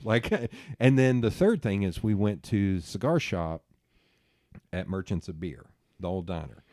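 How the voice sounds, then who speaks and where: A middle-aged man, hosting a podcast and telling animated stories with plenty of swearing and laughter at himself. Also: fairly low pitch, moderate pace, dry recording, studio quality. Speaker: podcast host. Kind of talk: casual storytelling chat.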